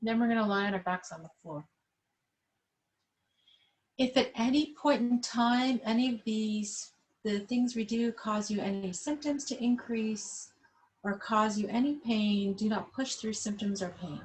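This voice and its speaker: A woman yoga instructor leading a class over a webcam, giving calm, slow guided instructions. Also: a little high, poor audio.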